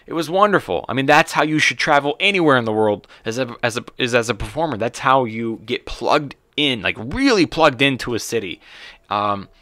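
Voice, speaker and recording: A man's voice: medium pitch, brisk, no echo. An American man hosting his own podcast, a stand-up comedian talking in a loose, swearing, rambling monologue with lots of restarts. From United States. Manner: profane, rambling and animated, with many restarts. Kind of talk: casual solo podcast monologue.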